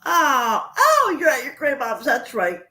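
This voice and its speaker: This is an older woman chatting on a livestream with a high, very animated voice. She talks casually and rambles as she tells personal stories. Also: unhurried. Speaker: livestream host. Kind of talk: casual chat with viewers.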